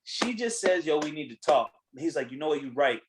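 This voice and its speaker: A man hosting a podcast in casual chat, retelling a reality show in a blunt, animated way, acting out what people said and swearing freely. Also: a little high, fairly quick, noisy background. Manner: animated storytelling, acting out quotes. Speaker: podcast host.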